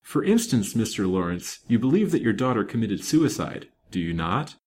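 A man voicing a confident detective in a brisk, firm, assured manner. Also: lowish voice, big pitch swings, darkish tone, a little hiss or hum.

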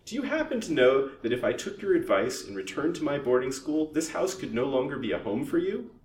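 A man reading a storybook aloud, voicing a young grieving daughter who speaks coldly and firmly, in a roomy, distant recording with a faint rumble. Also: big pitch swings, brisk, darkish tone. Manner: cold and resolute. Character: young woman, grieving daughter, firm and proud.

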